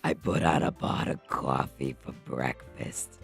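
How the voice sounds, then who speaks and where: A gravelly, drawling club-president girl with a thick New Jersey accent, pitched down to a startling low growl. The voice drags slowly and rasps with heavy fry. It comes from a live video-game stream. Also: steady tone, faint music behind, full character voice. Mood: gruff. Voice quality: raspy. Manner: slow, drawling delivery.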